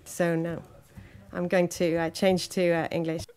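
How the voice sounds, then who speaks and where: A woman interpreting speeches live at a conference, halting often with fillers between phrases. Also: on the low side, little pitch movement, a little mellow, clear, resonant tone.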